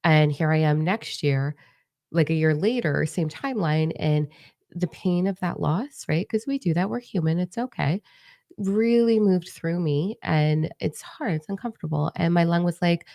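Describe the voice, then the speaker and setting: A woman's voice: lowish voice, normal speed, vocal fry, mellow, no echo, clean studio sound. A woman hosting a casual livestream as a spiritual channeler, chatty and rambling with a slight lisp, still recovering her voice. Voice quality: slight lisp from new braces. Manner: chatty, rambling, with many fillers. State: recovering voice after lung trouble. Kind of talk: casual live-stream chat.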